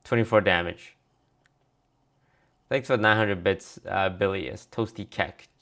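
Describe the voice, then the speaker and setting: A man's voice: sits low, steady tone, a little slow, fairly bright tone. A man streaming a card review in casual commentary, reading card text aloud and answering viewers offhandedly.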